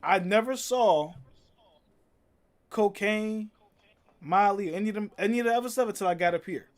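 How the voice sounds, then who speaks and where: A young man, streaming and telling animated stories in casual chat, acting out quotes and laughing often. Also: high-pitched, moderate pace. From Philadelphia.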